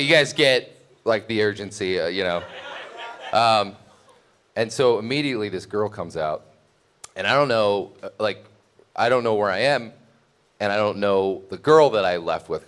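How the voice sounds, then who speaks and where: A man's voice: lowish voice, a bit bright. A young man telling a comic story, rambling and self-mocking, laughing as he goes. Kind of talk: live comedic storytelling.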